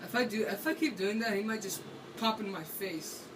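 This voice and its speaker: A man's voice: high voice, normal speed, far from the mic, background noise. A man doing playful, rambling gameplay commentary for a video, talking to himself as he plays. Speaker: gaming video maker. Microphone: camera held by hand.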